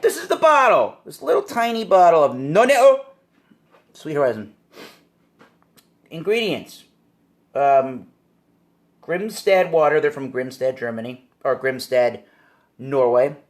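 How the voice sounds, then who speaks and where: Male home video host, fairly high voice, animated, casual beer-review delivery. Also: slow, pauses often. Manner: animated, exclaims at surprises. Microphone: phone or camera mic.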